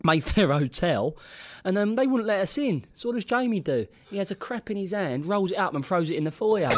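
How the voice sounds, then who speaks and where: A man's voice: high voice, lively intonation, brisk, few pauses, a little hiss or hum. A man with a Cockney accent on a podcast, telling rambling, laughing anecdotes and swearing freely. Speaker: podcast co-host, former footballer. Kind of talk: casual podcast banter.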